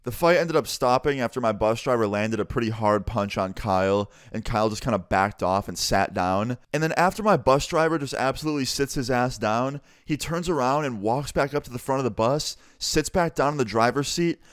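Brief: young man, storytime vlogger, low-key and profane, dry close sound, average pitch. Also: fairly quick, few pauses, smooth, no echo. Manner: laid-back, swearing, low-key delivery. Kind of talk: casual storytime vlog.

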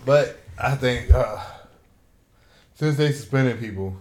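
A man's voice: medium pitch, slow, a little mellow. A man co-hosting a casual podcast chat, blunt and wisecracking. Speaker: co-host.

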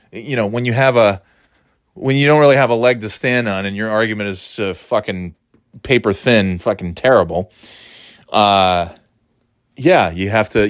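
A man's voice: lowish voice, no room sound, studio quality. A man giving casual, sarcastic commentary on a clip, swearing freely. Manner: sarcastic, swears, mocks with put-on voices.

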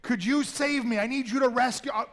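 A preacher puts on a frightened man clinging to a branch over a cliff. The voice jumps far above his normal speech, loud and frantic, tripping over its own words as it begs for rescue. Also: very high voice, brisk, pitched above the performer's own voice. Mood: pleading. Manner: frantic, stammering and pleading. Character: panicked young man hanging from a cliff.

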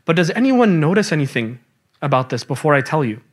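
A man teaching a lively religious class, quizzing the students and mixing in casual slang. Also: a little high, a little fast. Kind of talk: interactive classroom lecture.

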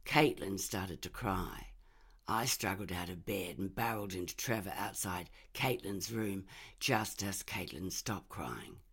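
A woman reading a first-person short story aloud in a measured, expressive way. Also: rumbling low, slightly rough.

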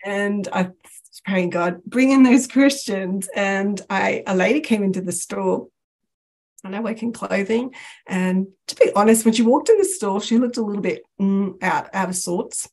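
A woman guest sharing a personal faith story in casual chat, animated and laughing often, acting out the voices she quotes. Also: mid-range voice, normal speed.

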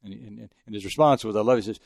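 An older longtime sports journalist from El Paso, Texas, speaks in a lowish, creaky, darkish voice, recorded clean in a studio with no echo. Being interviewed, he tells fast, rambling anecdotes full of restarts.

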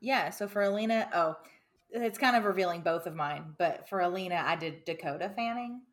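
A woman co-hosting a casual podcast chat, enthusiastic and quick to laugh. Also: on the low side. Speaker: podcast co-host.

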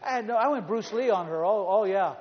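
A male pastor preaching a sermon in a church, telling stories in an animated way and repeating phrases for emphasis. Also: sits high, a little fast, a little hiss or hum. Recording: reverberant hall, dull sound.

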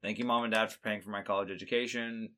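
A man's voice: lowish voice, fairly even intonation, fast talker, background noise. A young man with a sick voice hosting a podcast in casual, rambling chat. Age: young adult. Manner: rambling, many "like" fillers. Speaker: podcast host.

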